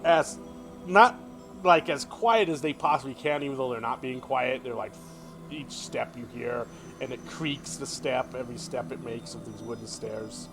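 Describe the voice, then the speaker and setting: A man narrating a tabletop game as dungeon master in a relaxed, descriptive way. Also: medium pitch, normal speed, over music. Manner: descriptive, relaxed, filler-heavy.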